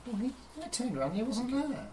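Chatty player, lively, far-off and echoey. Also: mid-range voice, fast talker. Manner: chatty, laughing, repeating phrases. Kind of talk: casual in-character play. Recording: echoey room, distant mic, noisy.

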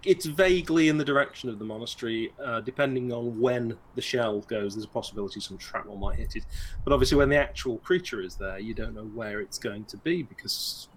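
A man's voice: medium pitch, a little fast, slight background noise. A man running a tabletop game as game master, talking in a hesitant, dry and wordy way.

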